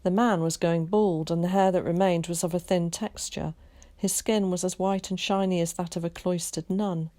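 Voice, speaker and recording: A teacher reading a children's novel aloud, calm and measured. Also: female voice, fairly low pitch. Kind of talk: storybook read-aloud.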